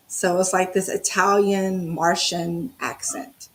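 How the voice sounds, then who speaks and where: A woman's voice: on the low side, poor audio. A woman co-hosting a casual movie watch party, chatting and laughing as she comments on the film.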